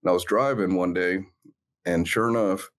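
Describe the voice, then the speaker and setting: Deep-voiced man telling an earnest story. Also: fairly even intonation. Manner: earnest, reflective, halting with many fillers. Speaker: guest, former police officer. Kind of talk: personal storytelling in an interview.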